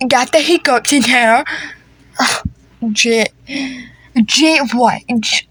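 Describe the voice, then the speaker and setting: A woman's voice: sits high, fairly bright tone, no echo. A woman improvising a comedy family skit, talking in a playful, teasing, slangy way. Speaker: creator voicing a family skit.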